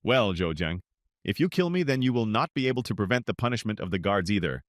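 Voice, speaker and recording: A man's voice: on the low side, big pitch swings, fast, dry recording, clean studio sound. A man voicing a brash, cocky young male warrior in a recap story. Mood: defiant. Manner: boastful, pushy.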